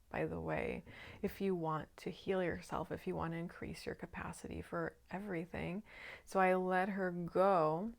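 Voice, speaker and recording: A woman who works as a shadow work coach, telling a personal spiritual story in a calm, earnest way. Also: lowish voice, gravelly.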